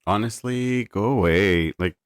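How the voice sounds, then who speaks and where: A man co-hosting a podcast, relaxed and brief in his replies. His voice sits very low, and the recording is dry and close-miked. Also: a little slow, smooth, dry recording. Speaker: podcast co-host. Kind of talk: casual chat.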